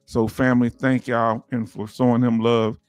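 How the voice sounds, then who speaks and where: A man's voice: mid-range voice, flat delivery, normal speed, clean tone, no echo, soft background music. A man with a Southern US accent hosting a casual livestream, reading out viewer comments and laughing often. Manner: laughs often, loose conversational delivery. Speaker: livestream host.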